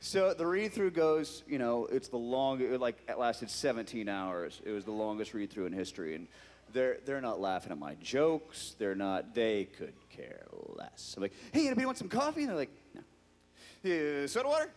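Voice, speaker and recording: A man's voice: on the low side, lively intonation, moderate pace, a little mellow, big-room sound. A man, a guest actor on a convention stage, telling a comic anecdote to a live audience and acting out the quotes in whiny voices.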